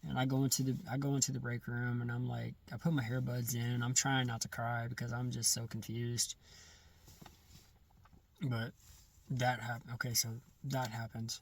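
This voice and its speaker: Guy with a gravelly voice rambling through his story, lots of restarts, mic kinda far off. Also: medium pitch, little pitch movement, slight background noise. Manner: halting, frequent restarts and self-corrections. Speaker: person sharing a personal testimony. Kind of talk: casual first-person storytelling.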